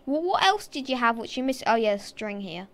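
A woman's voice: a little high, sing-song, moderate pace. A young woman hosting a casual gaming chat, teasing her friend and giggling a lot. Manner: teasing, giggly, breaks into laughter often. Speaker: gaming channel host.

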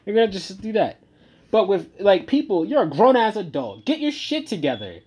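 Husky man ranting heatedly. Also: sing-song, normal speed. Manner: heated, swinging between loud outbursts and low muttering. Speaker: commentator. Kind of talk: profane reaction rant.

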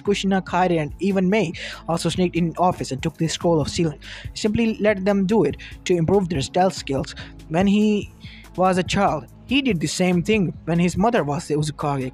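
A man's voice: fairly high pitch, a little mellow. A man reading a fan fiction story aloud, with small stumbles and restarts. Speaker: narrator. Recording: music under the voice. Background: lofi background music.

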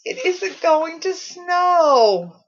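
A woman voicing a tall, thin, fretful male weatherman in a storybook reading, high-pitched and sobbing. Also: very animated, very slow, highs cut off, full character voice.

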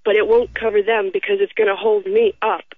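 A woman's voice: medium pitch, level tone, a little fast, dry recording. A woman calling in to a radio talk show, speaking in an earnest, preachy way over the phone. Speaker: caller. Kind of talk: casual call-in chat. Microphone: telephone. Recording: tinny phone line.

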